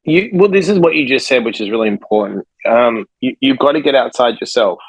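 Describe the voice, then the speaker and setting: A man who is a life coach and author, telling a story in a podcast conversation with lively energy and acting out the people in it. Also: medium pitch, fairly quick, slightly rough, no room sound, low-quality recording. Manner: energetic, acts out the people in his stories.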